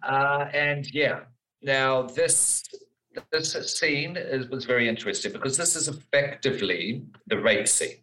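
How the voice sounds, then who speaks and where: A man's voice: medium pitch, unhurried, bright, forceful tone, reverberant, slight background noise, rough recording. A man hosting a casual film discussion, recounting scenes with lots of fillers and acted-out quotes. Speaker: podcast host.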